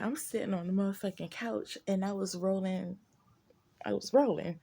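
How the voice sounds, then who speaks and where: Gravelly-voiced woman telling a storytime. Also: mid-range voice, normal speed. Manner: profane, animated storytelling, addresses viewers as y'all. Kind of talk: casual storytime vlog.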